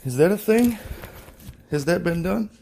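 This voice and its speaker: A young man rambling casually on his own vlog, thinking out loud and swearing freely as he talks outdoors into a phone. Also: sits high, expressive, measured pace, gravelly, background noise. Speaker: podcast host, delivery driver. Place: outdoors at home.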